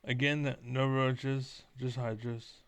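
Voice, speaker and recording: A man's voice: medium pitch, little pitch movement, slow, clear, resonant tone. A man streaming a strategy game, ranting and trash-talking his opponent with lots of swearing. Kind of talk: live gameplay commentary.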